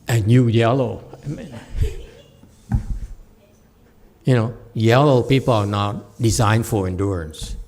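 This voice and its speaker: A man's voice: fairly low pitch, slow, long pauses. A man giving a Buddhist dharma talk as a meditation teacher, telling a story with laughs and acted voices. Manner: animated storyteller, laughs often, acts out the voices.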